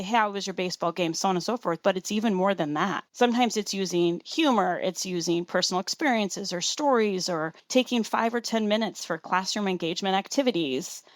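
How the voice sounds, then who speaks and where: A woman speaking as a guest expert on a podcast, explaining her points in an earnest, orderly way. Her voice sits at a middling pitch. The sound is dry and close. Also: moderate pace, few pauses, dry recording. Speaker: teaches students. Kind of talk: podcast interview answer.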